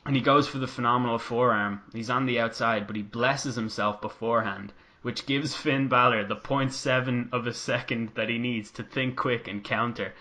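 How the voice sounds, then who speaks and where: A man's voice: mid-range voice, moderate pace, few pauses. A man co-hosting a podcast, narrating a made-up wrestling storyline in casual chat and acting out quotes. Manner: animated storytelling, acts out quotes in voices. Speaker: podcast co-host.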